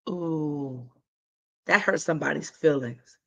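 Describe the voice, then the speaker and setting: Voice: medium pitch, normal speed, fairly bright tone, dull audio. A livestream host giving heartfelt advice in a casual, emphatic way, talking straight to viewers with colloquial slang. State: voice cracking.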